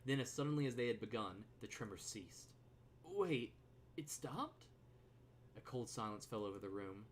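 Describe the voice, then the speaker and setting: A man's voice: on the low side, fast. A man streaming a game, chatting loosely and swearing freely as he reads the story narration aloud. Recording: steady background noise.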